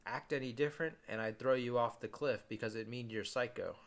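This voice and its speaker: A man reading as a gruff young leader. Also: medium pitch, brisk, close to an everyday voice. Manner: rough slangy speech. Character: gruff blunt young male group leader.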